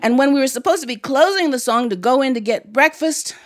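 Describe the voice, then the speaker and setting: With a high voice and lively intonation, a storyteller from Ohio talks fairly quickly as she recounts a family tale live in a studio. Partway through she sings, drawing the audience into call-and-response.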